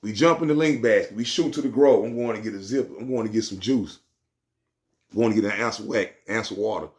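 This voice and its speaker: A man's voice: lowish voice, quick pace. A man telling a street story in casual slang, rambling and repeating himself.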